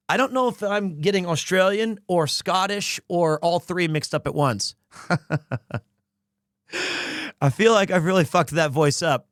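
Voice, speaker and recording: A man's voice: high voice, measured pace, long pauses, fairly bright tone, slight background noise. A man streaming a game playthrough, reading the lines aloud with a joking, self-mocking manner. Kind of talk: casual voiced game playthrough.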